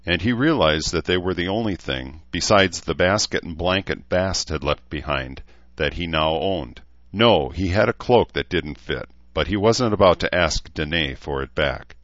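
Deep male narrator, measured, animated pitch, dry and muffled recording. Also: no room sound. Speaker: audiobook narrator. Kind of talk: scripted narration. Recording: dull, dry studio read.

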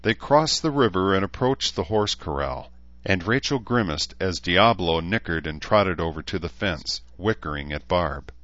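A man reading a story aloud in steady scripted narration, on a dull lo-fi recording. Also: low voice, moderate pace, no room sound. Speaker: audiobook narrator.

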